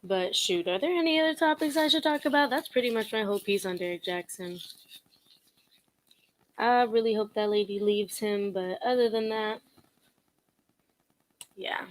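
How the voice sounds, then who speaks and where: A young woman chatting to camera in a sassy, blunt commentary style. She laughs often and mocks freely, her pitch sitting in an ordinary middle range. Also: moderate pace, long pauses. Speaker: commentary vlogger. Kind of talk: casual commentary chat.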